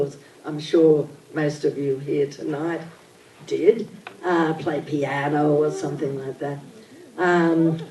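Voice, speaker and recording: An older woman, telling childhood stories in an animated, theatrical way at a live on-stage interview. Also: fairly low pitch. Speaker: interview guest. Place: event venue with audience. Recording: echoey hall, mic at a distance.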